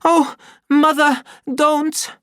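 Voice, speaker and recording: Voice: mid-range voice, slow, darkish tone, dry recording, clean studio sound, voice pushed up, natural voice. A narrator voicing a frightened young boy who pleads desperately in an audiobook story. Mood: pleading. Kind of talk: audiobook character voice.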